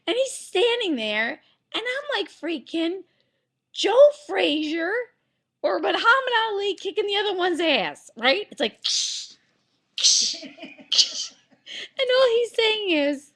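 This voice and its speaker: A woman vlogger telling a story to her camera in a casual, animated way, laughing through it. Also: extremely high pitch, a little slow.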